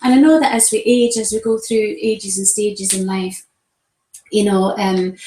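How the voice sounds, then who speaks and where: A woman's voice: mid-range voice, a little mellow, echoey room, slight background noise, low-quality recording. A woman who works as a colour analyst, chatting casually with many ums and restarts. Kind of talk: casual chat.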